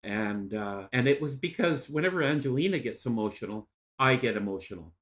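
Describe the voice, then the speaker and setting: Soft-spoken man in his sixties, halting. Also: mid-range voice, expressive. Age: 60s. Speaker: podcast guest. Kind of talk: emotional personal story.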